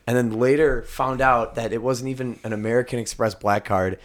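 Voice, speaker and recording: A young man in casual chat with friends, telling crude, animated stories about working at a bar. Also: mid-range voice, a little fast, hardly any pauses. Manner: crude, joking, animated storytelling.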